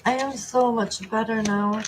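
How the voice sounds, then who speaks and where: Soft-spoken woman tarot reader, noisy recording. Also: on the high side, steady tone, a little slow. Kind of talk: live reading, relaying spirit messages.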